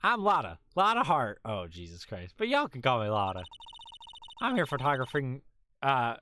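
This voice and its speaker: A loud, chatty Southern country girl, put on by a man reading game lines, drawling in a bright, forceful voice. She swings up and down lively as she talks, folksy and brash. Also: mid-range voice, normal speed, a little hiss or hum. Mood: friendly. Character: boisterous young Southern woman photographer. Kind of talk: video game dialogue read aloud.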